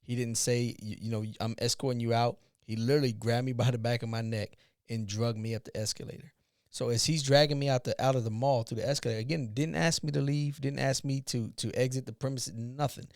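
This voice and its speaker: A man in his forties, hosting a podcast, telling a personal story in an animated way and acting out the dialogue. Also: medium pitch, fairly quick, dry recording, clean studio sound. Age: 40s. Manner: animated retelling, acts out dialogue. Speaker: podcast host. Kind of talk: casual storytelling chat.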